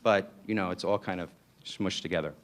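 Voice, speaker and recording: A man's voice: deep voice, brisk. A man from New York with a New York accent gives a public lecture in a playful, digressive way and often asks "right?".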